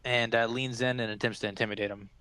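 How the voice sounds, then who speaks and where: A man narrating a tabletop game as game master, with halting, filler-heavy delivery. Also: mid-range voice, steady tone, pushed and bright, dry recording.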